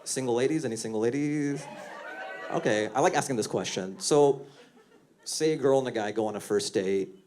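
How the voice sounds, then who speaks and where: A man in his forties doing a conversational stand-up set into a handheld mic, often breaking into squeaky voices for his acted bits. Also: normal speed, darkish tone. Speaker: stand-up comedian. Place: comedy venue stage before a laughing audience. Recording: live show with crowd laughter and noise.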